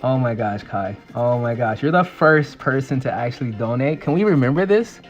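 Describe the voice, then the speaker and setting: A man casually chatting and rambling excitably on a livestream while he draws. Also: mid-range voice, normal speed, hardly any pauses, faint music behind. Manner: rambling and excitable, full of fillers. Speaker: artist streaming a drawing session.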